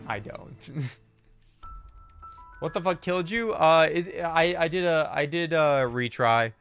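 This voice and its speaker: A man's voice: on the high side, animated, slow pace, a bit bright, smooth, faint music behind. A man livestreaming himself playing a game, casually commenting, groaning and swearing at his own mistakes.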